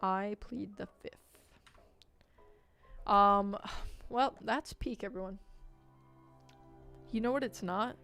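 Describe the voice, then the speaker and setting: A woman streaming a game live, chatting and joking with viewers and shouting out loud when things go wrong. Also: mid-range voice, slow, creaky, long pauses, soft background music. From United States. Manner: jokey, reacts loudly with sudden shouts. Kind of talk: live gameplay commentary.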